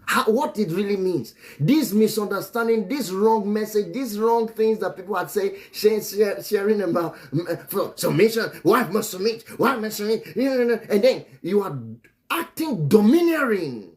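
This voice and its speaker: On a live stream, a man who teaches and writes about relationships speaks on marriage in a voice that sits high, expressive and a little slow. He preaches, repeats phrases and chuckles often between remarks.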